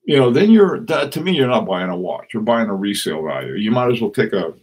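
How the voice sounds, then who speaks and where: A man hosting a casual live stream, chatting and reading out viewer comments in a rambling, halting way with many restarts. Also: on the low side, very animated, heavy background noise. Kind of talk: casual live-stream chat about watches.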